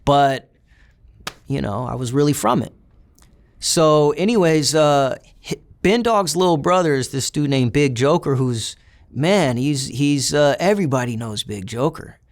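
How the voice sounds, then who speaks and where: A man's voice: a little high, animated, unhurried. A man from California, telling his story in a casual interview, blunt and swearing freely, with many fillers.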